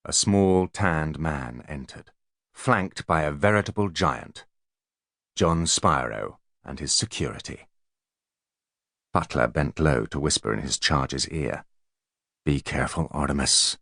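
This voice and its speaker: Male audiobook reader, low voice, animated storytelling, dry booth. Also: takes it slowly, vocal fry, no echo. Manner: expressive storytelling. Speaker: audiobook narrator. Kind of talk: scripted narration.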